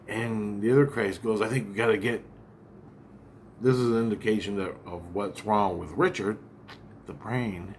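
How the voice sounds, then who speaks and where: A man's voice: fairly low pitch, slight background noise. Rambling, profane man venting to camera. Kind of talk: casual vlog monologue.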